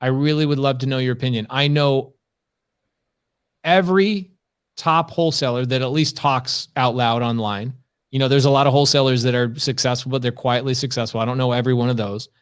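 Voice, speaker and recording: A man's voice: medium pitch, steady tone, brisk, clean tone. A man co-hosting a live business stream, talking emphatically in rhetorical questions. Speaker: podcast co-host.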